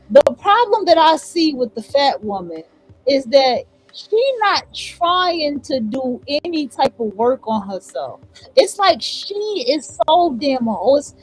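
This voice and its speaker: High-voiced, outspoken woman host. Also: rough recording. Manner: outspoken, profane, sassy. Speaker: livestream host. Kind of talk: casual commentary reacting to clips.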